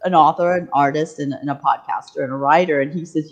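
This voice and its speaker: Lively, chatty woman podcast host. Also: low voice, moderate pace, muffled recording. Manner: animated storyteller, laughs often, voices quoted people. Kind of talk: casual chat.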